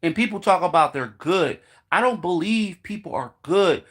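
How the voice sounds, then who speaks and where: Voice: medium pitch, animated, moderate pace, fairly bright tone. A vlogger delivering a heated, profane monologue, swearing constantly and acting out what people said.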